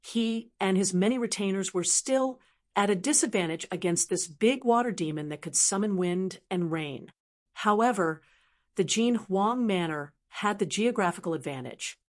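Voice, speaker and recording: Female audiobook narrator, steady and measured. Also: mid-range voice.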